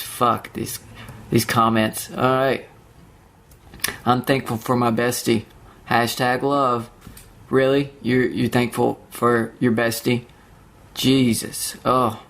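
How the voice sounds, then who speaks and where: A man's voice: mid-range voice, creaky, fairly bright tone. A young man hosting his own podcast, ranting alone with heavy profanity and sarcasm, mocking other people in put-on voices. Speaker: podcast host. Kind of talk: solo podcast rant.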